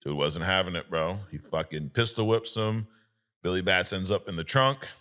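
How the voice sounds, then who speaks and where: A man in a casual podcast chat, swearing freely and retelling movie scenes with lively energy. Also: low-pitched, moderate pace. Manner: profane, animated storyteller who acts out scenes. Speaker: podcast co-host.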